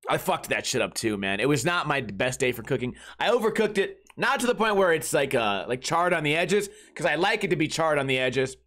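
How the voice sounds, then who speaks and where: A man's voice: on the high side, expressive, fairly quick, few pauses, fairly bright tone. A man hosting a comedy podcast, telling rambling, crude, jokey stories about his weekend in a casual way. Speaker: podcast host.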